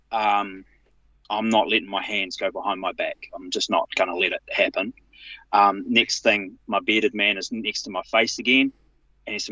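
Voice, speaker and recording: A man, telling a personal account as a show guest in an emphatic, halting way, often restarting his sentences. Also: pushed and bright, no echo, muffled recording. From New Zealand. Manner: emphatic, halting with restarts, rising in pitch when retelling his protests.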